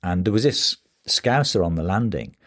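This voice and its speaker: A man's voice: deep voice, lively intonation, moderate pace, a bit bright. A man in his sixties, a playwright guest, telling rambling stories casually in an interview, with restarts. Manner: rambling, restarts, anecdotal with voiced quotes.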